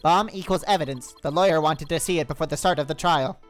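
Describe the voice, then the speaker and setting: A man's voice: fairly high pitch, fast talker, faint music behind, lightly acted. A man voicing a sleazy, smug male bomb expert, his voice pushed back into the throat.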